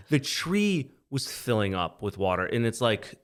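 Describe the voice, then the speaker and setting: A man's voice: medium pitch, sing-song, measured pace, fairly bright tone. A young man co-hosting a podcast, chatting casually with wry, defensive banter. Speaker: podcast co-host. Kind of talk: casual chat.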